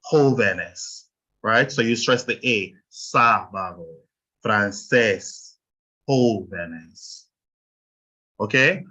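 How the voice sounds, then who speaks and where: Jamaican guy running a zoom spanish workshop, bright voice, kinda muffled lo-fi audio, keeps asking right? okay?. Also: mid-range voice. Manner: explanatory, checks in with "right?" and "okay?". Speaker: workshop host and teacher. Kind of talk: online language workshop. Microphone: video call. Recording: lo-fi video call audio.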